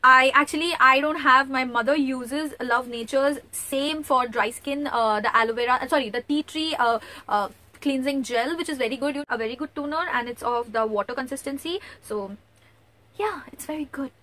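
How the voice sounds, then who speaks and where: Excited high-voiced woman vlogger. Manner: excited and chatty, hurried. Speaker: beauty vlogger. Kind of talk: product haul review. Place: at home, near a bookcase.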